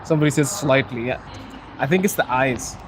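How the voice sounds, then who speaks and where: A man's voice: mid-range voice, brisk. A young Zimbabwean man live-streaming from a city street, chatting casually with viewers and laughing often. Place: outdoors on a city street by trains. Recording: outdoor street noise.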